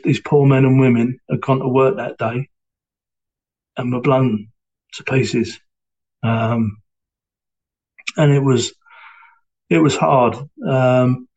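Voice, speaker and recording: Speaking as an interviewee, a middle-aged man who once served as a police sergeant reflects on his own story. His tone is steady and darkish, sitting in a typical male middle range, while his delivery stumbles with pauses and restarts. The highs are cut off in the audio.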